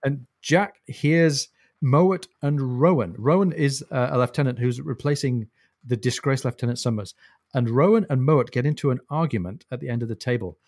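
A man talking through a book with a co-host in a relaxed, explanatory way, now and then breaking into a chuckle. His voice sits at a middle pitch and comes across close and dry, with no room sound around it. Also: moderate pace, no echo. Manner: thoughtful, explanatory, chuckles often. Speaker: podcast co-host. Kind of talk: casual book discussion.

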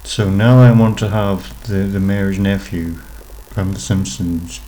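A man's voice: deep voice, steady tone, measured pace, mellow, soft background music, poor audio. A man co-hosting a podcast in casual chat, with dry, teasing humour. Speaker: podcast co-host.

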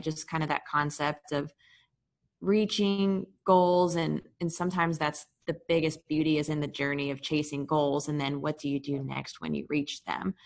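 A woman hosting an interview, asking questions in a soft, hesitant way with fillers. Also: low voice, creaky. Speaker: podcast host.

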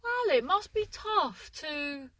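A woman's voice: high voice, sing-song, slow pace, pushed and bright. A middle-aged woman comedian chatting casually, sidetracked often and swearing freely. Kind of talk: rambling casual monologue.

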